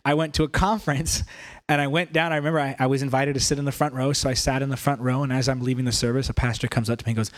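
A young man preaching a sermon, telling stories in an animated, conversational way. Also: mid-range voice, very fast. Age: young adult. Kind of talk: sermon storytelling.

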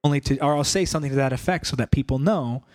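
A young man preaching a sermon, telling stories in an animated, conversational way. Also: mid-range voice, racing. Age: young adult. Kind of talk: sermon storytelling.

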